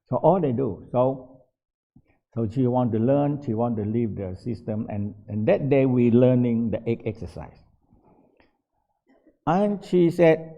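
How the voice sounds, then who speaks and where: A warm, expressive, medium-pitched voice belongs to an older meditation teacher speaking a little slowly. He isn't an English speaker, so his storytelling at the casual workshop comes out in broken grammar punctuated by laughs, on a dull lo-fi recording.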